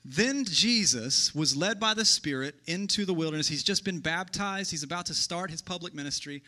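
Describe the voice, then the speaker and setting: A man preaching a sermon as pastor in a relaxed, conversational way, thinking aloud and asking rhetorical questions. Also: fairly high pitch, normal speed.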